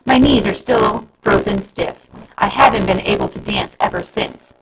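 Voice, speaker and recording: A woman's voice: mid-range voice, normal speed, creaky. A woman reading aloud and voicing a scheming schoolboy who talks in a wheedling, over-dramatic way, with background noise. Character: scheming, fast-talking schoolboy narrator.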